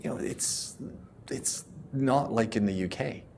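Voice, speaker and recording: A man's voice: mid-range voice, a little slow, gravelly, a little hiss or hum. A man hosting a casual podcast, telling stories with lots of laughs and acted-out quotes. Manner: laughs often, animated storytelling with voiced quotes. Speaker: podcast host.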